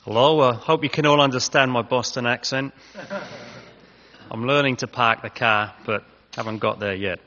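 A man's voice: mid-range voice, a little slow, sharp tone, a little hiss or hum. A man from England sharing a personal testimony with a congregation in a conversational, self-deprecating way. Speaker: guest speaker sharing testimony. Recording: dull audio in a reverberant hall.

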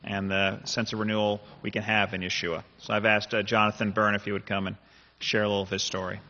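A man leading a church service, introducing a guest speaker in a measured way. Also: fairly low pitch, little pitch movement, pushed and bright, slight background noise. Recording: dull audio in a reverberant hall.

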